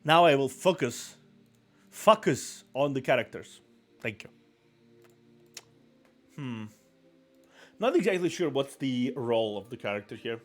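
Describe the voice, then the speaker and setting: A man's voice: mid-range voice, animated, a little slow, long pauses, soft background music. A man chatting casually on a live stream, rambling and self-deprecating, apologizing often.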